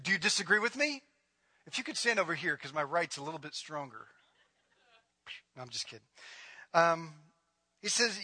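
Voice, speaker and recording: A middle-aged man gives a sermon in church, his voice high and ringing. He keeps the room with sly, sarcastic jokes before climbing into emphatic, forceful preaching. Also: big pitch swings, moderate pace, pauses often, slightly rough. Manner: joking, sarcastic asides, rising to emphatic preaching. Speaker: pastor.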